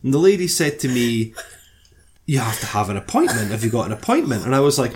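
A man's voice: mid-range voice, sing-song, fast talker, darkish tone, a little hiss or hum. A middle-aged man from Scotland with a Scottish accent, telling a story in casual, self-mocking, sweary podcast chat. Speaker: podcast co-host.

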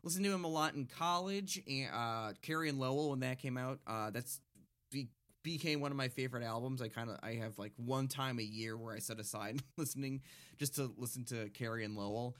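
A man's voice: medium pitch, fairly quick, fairly bright tone. A young man co-hosting a podcast, talking reflectively and hesitantly with many fillers. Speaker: podcast co-host. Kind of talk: casual podcast chat.

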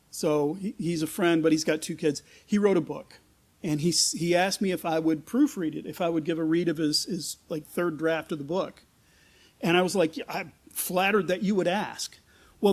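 Middle-aged male pastor, high voice, chatty sermon delivery, stumbles and restarts often. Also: a little mellow. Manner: conversational, frequent restarts and repeated words. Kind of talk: sermon with storytelling.

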